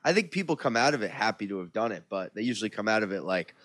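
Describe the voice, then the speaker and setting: A man's voice: lowish voice, very animated, quick pace, fairly bright tone, no room sound, clean studio sound. A man co-hosting a casual comedy podcast, musing in a reflective way. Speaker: co-host.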